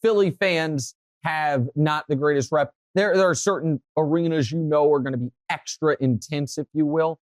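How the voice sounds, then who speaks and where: A male sports talk host chatting casually in a dry studio with no room echo. He tells stories with animation and pushes his voice higher as he gets fired up. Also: normal speed, few pauses. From Kansas City area, USA. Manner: animated storytelling, voice rising when worked up.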